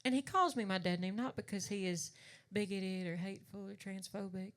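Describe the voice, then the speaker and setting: A woman's voice: medium pitch, fairly even intonation, fairly quick. Folksy Appalachian woman bantering onstage. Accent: Appalachian Southwest Virginia. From Southwest Virginia. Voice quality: folksy and rambling, says y'all, swears for emphasis. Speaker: singer and drag performer. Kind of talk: stage banter between songs. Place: live music venue stage.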